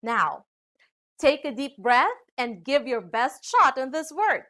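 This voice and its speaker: A woman from the Philippines with a Filipino accent, teaching a scripted English pronunciation lesson to students. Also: high voice. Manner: slow, lively teacherly delivery addressing students.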